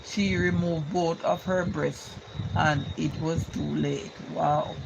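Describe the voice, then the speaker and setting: An older woman with a Jamaican accent talks casually on a live stream, reading viewer comments aloud. She speaks in a heartfelt, repetitive way and keeps coming back to her main points. Clear background noise runs under her voice. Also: low voice, steady tone, slow pace.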